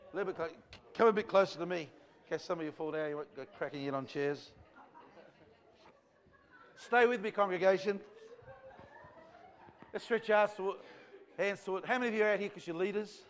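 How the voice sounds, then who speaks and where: In a church, a visiting evangelist with a higher male voice preaches a revival sermon to a live congregation. His delivery is fervent and rambling, more conversation than oration.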